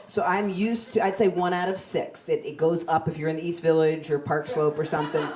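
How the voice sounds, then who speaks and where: Woman in her 40s, stand-up comic, low-ish voice, wry and self-deprecating delivery, club stage on a handheld mic. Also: steady tone, fairly quick, crowd noise, noisy background. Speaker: stand-up comedian. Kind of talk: stand-up comedy set.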